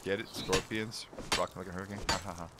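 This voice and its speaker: A man's voice: low-pitched, steady tone, fast talker, very noisy. A man chatting casually while streaming a game, rambling through movie stories and laughing often. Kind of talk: casual gaming stream chat.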